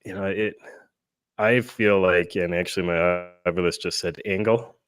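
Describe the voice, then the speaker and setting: A man on a paranormal panel show, talking casually and hesitantly with many pauses and fillers. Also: sits low, steady tone, fairly bright tone.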